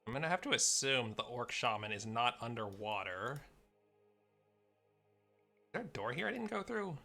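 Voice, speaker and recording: A man's voice: mid-range voice, big pitch swings, normal speed, vocal fry, bright, forceful tone, soft background music. An American man live-streaming a game, chatting with viewers in a rambling, easygoing way and muttering asides as he plays. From United States. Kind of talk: casual live game stream, answering chat.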